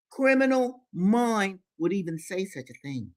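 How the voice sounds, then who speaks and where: A woman's voice: mid-range voice, big pitch swings, a little slow. A woman hosting a book-reading show, reading aloud and breaking off into passionate commentary that stresses points by repeating phrases. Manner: emphatic, repeats phrases for stress, preacher-like address. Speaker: host reading books aloud.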